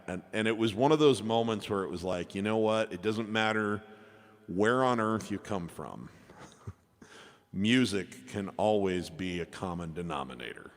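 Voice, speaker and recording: A man, a piano entertainer, telling a chatty, rambling story between songs at a live show. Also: sits low. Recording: long reverb with piano music.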